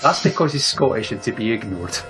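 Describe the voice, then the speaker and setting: Lively man with dry quips. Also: lowish voice, a little fast, faint music behind. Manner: chatty, laughs easily, dry quips. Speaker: podcast co-host. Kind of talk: casual chat.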